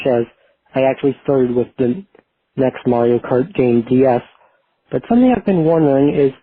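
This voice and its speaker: A man's voice: fairly high pitch, dry recording. A man calling in to a podcast with a recorded voicemail, reading out a prepared question. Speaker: caller. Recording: dry, tinny phone line.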